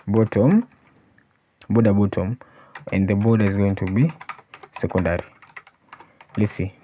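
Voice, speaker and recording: A man teaching a coding tutorial, thinking aloud as he types and often pausing to say "let's see". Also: on the low side, slight background noise. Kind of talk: screen-recorded coding walkthrough. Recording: dull lo-fi voice recording. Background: keyboard typing and clicks.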